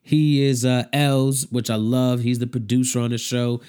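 A man's voice: mid-range voice, flat delivery, normal speed, darkish tone, smooth. A man talking casually about a TV show, rambling and repeating himself, with heavy slang and growing emotion. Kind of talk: casual chat.

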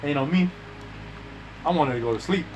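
Talking briskly in a slightly high voice, a man chats casually with friends, spinning long, profane yarns full of slang like "bro" and "dude." He acts out the quoted lines by shifting his voice. There's slight background noise on a low-quality recording.

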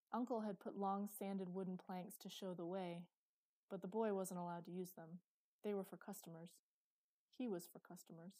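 A woman narrates a dark fantasy story in a steady, measured read. Her voice is low and mellow, recorded dry and close with no room sound. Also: no echo, low-quality recording. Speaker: audiobook narrator.

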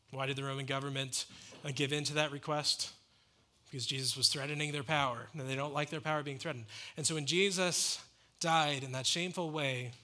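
Speaking with a medium-pitched voice that's pushed and bright, this pastor delivers a sermon earnestly and emphatically, raising rhetorical questions only to answer them.

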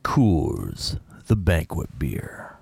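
A deep, gravelly beer-ad announcer voice, put on by a man on a podcast. It comes out breathy and slow, with a dry, close sound. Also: huge pitch swings, dry recording, exaggerated voice.

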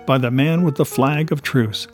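A man narrating a classic adventure novel in a measured storytelling voice. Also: medium pitch, a little mellow, faint music behind. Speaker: audiobook narrator.

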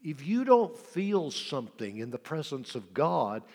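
Gravelly impassioned preacher in a hall. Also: male voice, on the high side, big pitch swings, unhurried. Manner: impassioned preaching, swings from loud cries to soft whispers. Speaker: pastor. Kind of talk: sermon.

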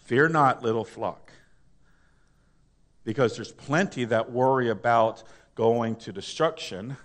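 A man preaching a sermon, emphatic, asking the congregation to answer back. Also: lowish voice. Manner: call-and-response with congregation, emphatic, rising to loud.

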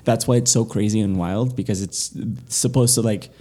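A man's voice: on the low side, fairly even intonation, normal speed, dark tone. A man in his twenties co-hosting a podcast, chatting casually with a playful, teasing manner. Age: 20s. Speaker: podcast co-host. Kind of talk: casual banter.

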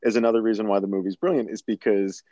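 A man in casual chat, telling stories in an animated way, laughing often and swearing freely. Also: fairly low pitch, fast talker, no echo. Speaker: podcast co-host discussing a film. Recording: dry, slightly dull recording.

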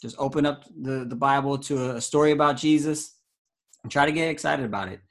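A man's voice: mid-range voice, fairly quick. Playful man hosting a kids' call. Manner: playful, goofy, easily amazed. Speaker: children's ministry leader. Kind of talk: casual video call with kids. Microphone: video call.

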